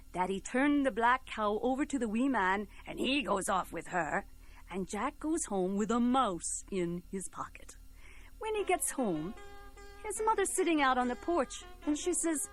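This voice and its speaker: A woman's voice: a little high, very animated, a little slow, faint music behind. A woman telling a folk tale in a playful, rhythmic, musical way. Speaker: storyteller.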